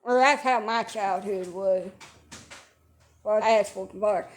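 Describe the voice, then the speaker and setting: A woman's voice: mid-range voice, slow pace. A woman, talking casually from bed, blunt, sarcastic and swearing freely. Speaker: social media livestreamer. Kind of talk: casual rambling livestream talk. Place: in bed at home.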